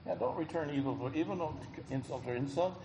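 A man preaching a sermon in a folksy, emphatic way, his voice swelling loud on key phrases. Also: a little high, quick pace, vocal fry, muffled recording. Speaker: pastor. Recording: echoey hall, faint background noise.

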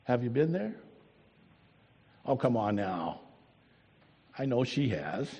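A man preaching a sermon as pastor, swinging from booming emphasis to hushed, drawn-out words. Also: sing-song, slightly rough. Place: church sanctuary. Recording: long hall reverb.

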